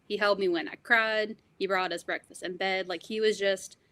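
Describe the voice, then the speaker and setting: A woman's voice: mid-range voice, steady tone, moderate pace, pushed and bright. A woman guest in an interview, telling family stories in an affectionate, conversational way.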